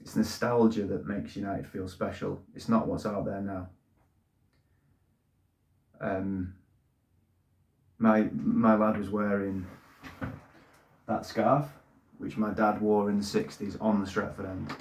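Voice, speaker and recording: A man's voice: on the low side, little pitch movement, slow, pauses often, a little mellow. A middle-aged man, talking plainly about his football club in a casual monologue, often repeating words as he goes. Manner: plain-spoken, repeats words when emotional. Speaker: football fan channel host. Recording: echoey room.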